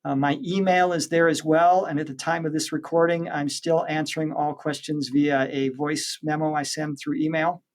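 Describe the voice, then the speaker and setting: A man's voice: on the high side, little pitch movement, moderate pace, hardly any pauses. A man who is an author and spiritual counselor, giving interview answers with earnest, preachy conviction.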